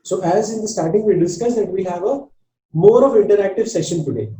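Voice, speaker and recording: A man's voice: high voice, brisk, warm tone, roomy sound, far from the mic, rough recording. A man with an Indian English accent teaching a spoken English class, talking in an earnest, repetitive coaching way. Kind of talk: online class lecture.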